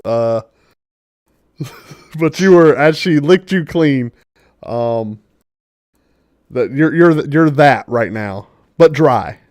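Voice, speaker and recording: A man's voice: mid-range voice, expressive, extremely slow, pauses often, a little mellow, no echo, studio quality. A man narrating as dungeon master, rambling through descriptions with many fillers and chuckles. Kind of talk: narrating a tabletop game.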